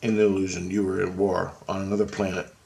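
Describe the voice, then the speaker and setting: A man voicing a calm divine teacher. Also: sits low, fast, creaky. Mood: explaining. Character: calm male divine teacher explaining the past.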